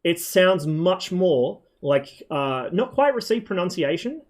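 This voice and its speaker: A man's voice: high-pitched, very animated, slow pace. A man streaming a flight game, chatting in a loose, rambling way with frequent swearing and plenty of ums. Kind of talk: casual rambling stream chat.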